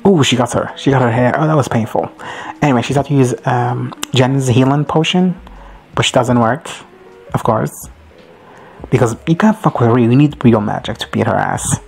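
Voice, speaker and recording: Gravelly-voiced man gushing in a recap. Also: mid-range voice, normal speed, soft background music, low-quality recording. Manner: gushing, excitable, swears freely, acts out quotes. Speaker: reaction video host. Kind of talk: casual reaction recap.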